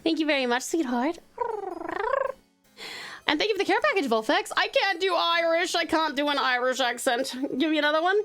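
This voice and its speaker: A woman's voice: high-pitched, lively intonation, a little fast, a bit bright, soft background music. A woman with an Australian accent running a community game on a live stream, narrating the story and chatting with viewers. She giggles often and swears casually. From Australia (Tasmania).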